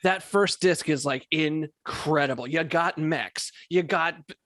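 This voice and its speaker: A man's voice: a little high, a little slow, fairly bright tone, dry recording. Rambling, emphatic man host, dry sound. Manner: rambling, emphatic, swears, stumbles over words. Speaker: podcast host. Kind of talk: casual chat.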